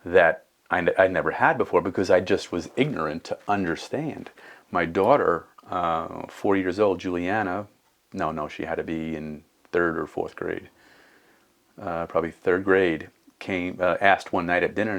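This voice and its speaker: A man's voice: low-pitched, fairly even intonation, normal speed, creaky, a bit bright. A man in his fifties talking earnestly in a casual conversation, thinking aloud and restarting his sentences. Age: 50s.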